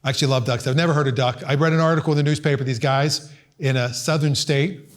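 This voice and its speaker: A man performing stand-up comedy, telling animated stories and acting out voices and squawks. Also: medium pitch, fast talker. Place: live comedy venue with audience. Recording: live stage recording, audience noise.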